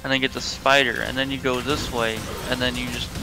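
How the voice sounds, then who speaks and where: A man's voice: mid-range voice, little pitch movement, fairly quick, low-quality recording. A man streaming a game in casual chat, cracking goofy jokes and wordplay over game music.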